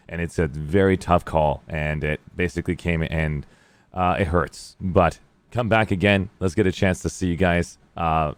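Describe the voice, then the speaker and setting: Male stream host, casual and rambling, deep voice, dry sound. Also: no room sound. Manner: rambling, many fillers. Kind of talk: casual tournament stream chat.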